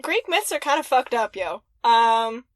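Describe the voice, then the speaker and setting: A woman's voice: on the high side, big pitch swings, a little slow, dry recording. A woman co-hosting a casual podcast chat, irreverent and swearing freely with jokey asides. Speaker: podcast co-host.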